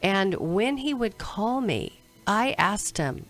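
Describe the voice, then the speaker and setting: A woman co-hosting an advice radio show, telling a personal story in an animated way. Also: mid-range voice, takes it slowly, soft background music. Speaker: co-host counselor.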